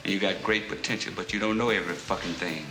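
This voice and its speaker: An actor playing a gruff male police boss in a film clip, scolding a cop with harsh, profane words. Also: sits low, fast talker. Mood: stern. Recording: echoey film clip, loud music.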